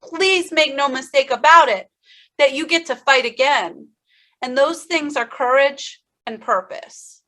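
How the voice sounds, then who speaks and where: A woman speaking to an audience as a keynote speaker, with a high voice. Her tone is bright and forceful, and she tells her story with passion, turning often to talk to the listeners directly. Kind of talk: motivational speech.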